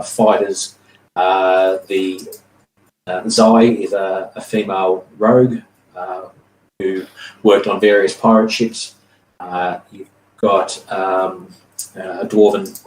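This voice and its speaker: A man narrating as game master of a tabletop game, halting and filling pauses with ums and uhs. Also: lowish voice, recorded from a distance, slight background noise. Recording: echoey room.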